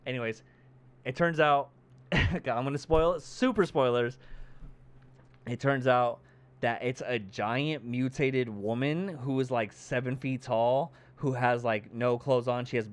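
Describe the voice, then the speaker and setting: Speaking unhurriedly in a mid-range voice with a clean tone, a male podcast co-host recounts a film's story casually. He brings the characters' dialogue to life with lively performance and swears a great deal.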